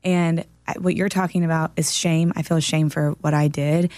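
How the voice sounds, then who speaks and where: A woman's voice: low-pitched, little pitch movement, normal speed, a little mellow, no room sound. A woman in a casual talk-show chat, telling a story in an earnest, encouraging way.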